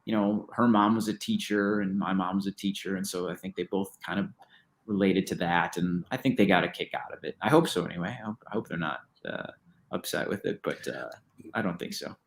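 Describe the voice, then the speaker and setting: A man's voice: sits low, fairly quick, vocal fry. A man, a writer, chatting casually as a podcast guest, rambling with many restarts.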